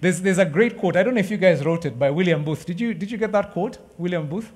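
A man's voice: high voice, fast, slightly rough, big-room sound. A man preaching a passionate, emphatic sermon to his congregation, often calling them "guys". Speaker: pastor. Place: church hall.

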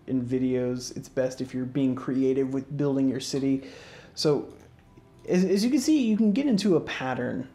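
A man hosting a casual let's-play, talking through his moves in a relaxed, rambling way with lots of fillers and restarts, yawning and sleepy. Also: medium pitch. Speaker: gaming channel host. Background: faint game music.

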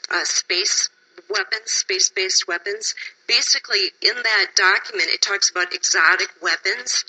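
A woman's voice: mid-range voice, bright, forceful tone, low-quality recording. A woman from Wisconsin giving emotional, insistent public testimony at a hearing, sounding tired.

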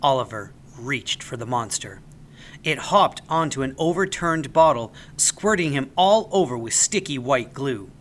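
A man reading a children's story aloud as the storyteller, with an expressive, animated delivery. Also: mid-range voice, unhurried, a little hiss or hum.

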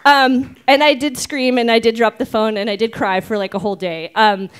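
A woman's voice: fairly high pitch, fairly even intonation, normal speed, smooth. A woman in her forties from Oregon telling a personal story live on stage, chatty and self-mocking, with many ums. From Oregon, United States. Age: 40s.

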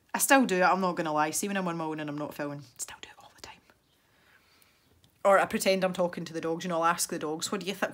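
A woman with a Scottish accent and a slightly low voice talks her viewers through her painting in a relaxed, meandering way. She thinks aloud and drifts happily into side stories. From Scotland. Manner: chatty, thinks aloud, rambling asides. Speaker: art channel host. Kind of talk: casual chat while painting.

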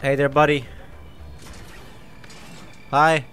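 A male streamer with a cold gives live gameplay commentary, joking giddily and swearing often. His voice sits high for a man and he talks at an unhurried pace. Faint music plays behind him. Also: little pitch movement, a bit bright, clean tone. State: has a cold.

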